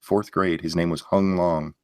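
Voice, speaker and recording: A man's voice: low-pitched, fairly even intonation, a little slow, dry recording, clean studio sound. A man hosting a casual online chat, blunt and teasing, swearing often. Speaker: podcast host.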